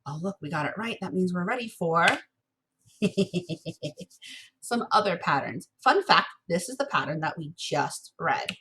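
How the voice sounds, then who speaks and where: Woman music teacher for a recorded class lesson, bright and slightly husky, patient and encouraging. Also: on the low side, expressive. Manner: patient, encouraging, chants rhythm syllables slowly.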